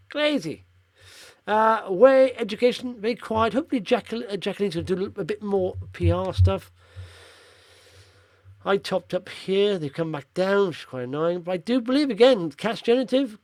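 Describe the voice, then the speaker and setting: Male investing vlogger, tired and rambling, slightly higher voice, dry close recording. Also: dry recording. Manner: chatty, rambling, blunt opinions. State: tired after a long drive. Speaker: stock-picking video host. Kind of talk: casual market commentary over charts.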